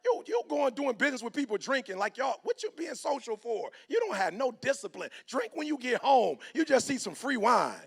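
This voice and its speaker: A man's voice: very high voice, fairly quick, vocal fry, hardly any pauses, husky. A middle-aged man, giving a preacher-style motivational talk and acting out both sides of his stories. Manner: animated, acts out both sides of stories in quoted voices. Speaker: motivational speaker.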